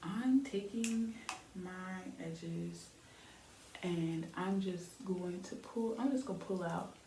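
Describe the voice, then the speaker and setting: A young woman chats in a rambling, easygoing way, full of fillers, while styling her hair for the camera. Her voice sits a little low and sounds mellow. The room around her is echoey with a faint hiss behind it. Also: slow pace. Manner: chatty, rambling, lots of fillers. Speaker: beauty vlogger.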